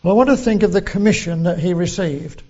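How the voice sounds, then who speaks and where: A man preaching a sermon, slow and deliberate, quoting scripture in old English. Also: high voice, dark tone, lo-fi sound.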